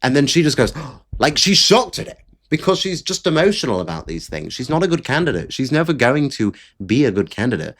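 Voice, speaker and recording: Guy doing political commentary, swears a lot, pitch jumps all over when he rants. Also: very animated, fairly quick, a bit bright. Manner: blunt, profane, exasperated ranting.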